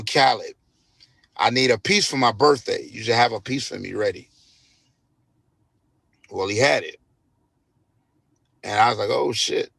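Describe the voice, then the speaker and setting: A man's voice: on the low side, vocal fry, a bit bright, no room sound. A man, a DJ, telling a story casually in an interview, laid-back and profane, acting out what others said. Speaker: DJ guest.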